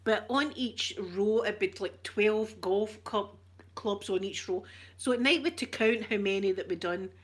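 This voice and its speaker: Speaking a little slowly in a husky, medium-pitched voice, this Scottish-accented woman chats casually with her viewers. She's an ASMR streamer who tells stories and laughs frequently.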